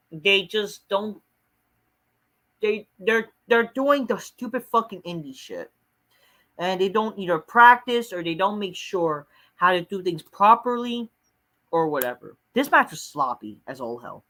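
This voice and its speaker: A man's voice: high-pitched, bright, forceful tone. A man reviewing a wrestling show in a casual rant, rambling and dismissive, with lots of swearing and filler words.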